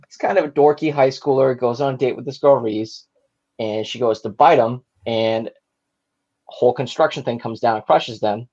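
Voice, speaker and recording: A man's voice: mid-range voice, normal speed, a little mellow, muffled recording. Tipsy man rambling through plot summaries. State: a little tipsy. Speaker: podcast co-host. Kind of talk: casual podcast chat.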